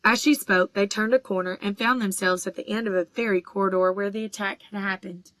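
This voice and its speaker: A woman's voice: medium pitch, steady tone, fairly quick, fairly bright tone, no room sound. Woman reading an audiobook, dry close sound. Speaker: audiobook reader. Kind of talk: audiobook narration.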